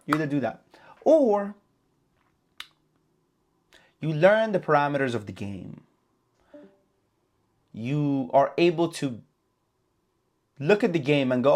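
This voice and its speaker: A man hosting a casual trading recap vlog, talking in an animated, profane way and repeating himself for emphasis. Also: on the high side, moderate pace, long pauses. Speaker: trading channel host.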